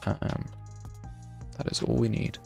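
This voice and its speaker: A man's voice: takes it slowly, dark tone, faint music behind. A young man from the UK, chatting casually and self-mockingly while streaming a game and answering chat. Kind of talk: live gameplay chat.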